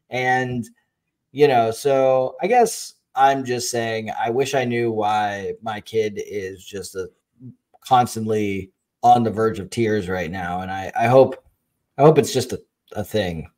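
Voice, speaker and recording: A man in his thirties co-hosting a parenting podcast and chatting casually. His voice is mid-pitched, and he tells stories about his children in an animated, expressive way. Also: slow. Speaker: podcast co-host.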